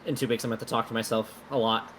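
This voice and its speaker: A man's voice: medium pitch, little pitch movement, racing, a bit bright, slight background noise, rough recording. A man running a tabletop game as game master, bantering casually and laughing often.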